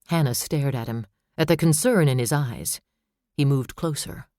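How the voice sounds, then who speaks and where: A man narrating a suspense novel in steady, measured storytelling. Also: fairly high pitch, no echo, studio quality. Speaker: audiobook narrator. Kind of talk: scripted narration.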